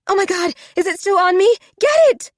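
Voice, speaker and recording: A woman voicing an expressive young woman in a romance audiobook, close and dry. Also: mid-range voice, normal speed, no echo, lightly acted. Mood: panicked. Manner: animated, shrieks when startled. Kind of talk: audiobook character voice.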